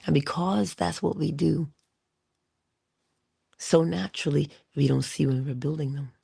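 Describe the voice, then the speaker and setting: A woman giving an inspirational monologue to her listeners. She speaks deliberately, addresses them directly and drops into whispers for emphasis. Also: deep voice, vocal fry, dark tone, slightly rough, no room sound, clean studio sound. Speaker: motivational speaker.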